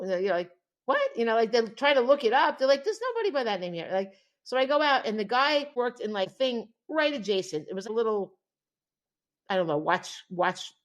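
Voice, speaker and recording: A woman co-hosting a casual chat, telling stories with lots of laughter and acted-out quotes. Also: fairly high pitch. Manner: animated storyteller, laughs often, acts out quoted voices. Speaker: podcast co-host.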